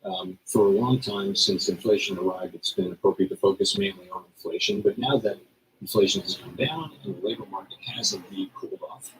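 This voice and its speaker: A man giving measured, hedging press conference remarks as a central bank official, with frequent fillers. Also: low-pitched, distant mic, slight background noise, low-quality recording.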